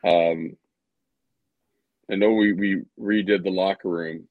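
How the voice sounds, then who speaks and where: A man's voice: sits low, steady tone, slow, no room sound. A man, a head coach, speaking sincerely in a podcast discussion over a thin phone-like line.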